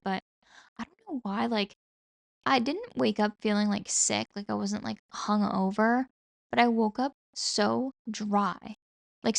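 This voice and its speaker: A woman's voice: medium pitch, gravelly, dry recording, studio quality. A young adult woman hosting her own podcast solo, chatting casually and rambling, with lots of "like" fillers and casual swearing. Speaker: podcast host.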